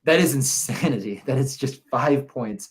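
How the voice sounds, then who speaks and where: A young man from the Buffalo area chats casually on a betting podcast. He rambles and thinks aloud as he works through the odds, his pitch sitting in a middling range. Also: expressive, moderate pace. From Buffalo area, New York. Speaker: podcast co-host.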